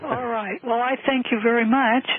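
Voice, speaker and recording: A woman's voice: a little high, fairly even intonation, moderate pace, crowd noise. A woman calling into a radio show, earnest and polite, heard over a thin phone line. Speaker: caller. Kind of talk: call-in radio conversation.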